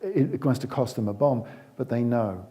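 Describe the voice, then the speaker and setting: A man's voice: medium pitch, moderate pace, warm tone, slight background noise. A man giving a talk on parenting, telling stories in a conversational way with frequent restarts and acting out the scenes he describes. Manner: acts out the scenes he retells. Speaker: speaker on parenting. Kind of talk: storytelling talk to an audience.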